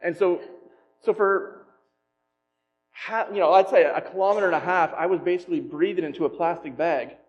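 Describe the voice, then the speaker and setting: A man telling a personal story as a pastor in a sermon, with self-deprecating humor and animated retelling. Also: sits high, moderate pace, lo-fi sound.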